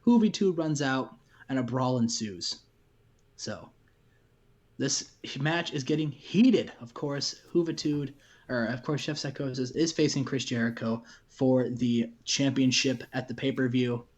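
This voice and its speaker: A man's voice: mid-range voice, measured pace. Man casually recapping game matches. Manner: recaps results, repeats phrases. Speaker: game host. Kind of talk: casual gameplay commentary.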